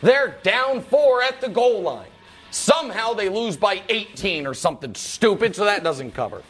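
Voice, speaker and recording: A man with a high voice hosts a football picks segment. He teases his co-host with animated mock outrage, and faint music sits under the talk. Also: moderate pace. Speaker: sports show co-host.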